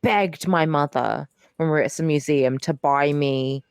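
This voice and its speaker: Her voice sits low, clear and resonant with vocal fry, at a measured pace. She's a young podcast co-host rambling through casual chat, full of fillers and offhand swearing, captured in studio quality without echo.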